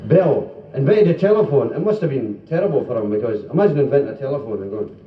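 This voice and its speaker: A man's voice: medium pitch, animated, fast talker. A Scottish man doing chatty live stand-up, telling jokes to a club audience. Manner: chatty, acts out stammering characters in jokes. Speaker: stand-up comedian. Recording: roomy, distant, dull 1970s live tape. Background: audience laughter.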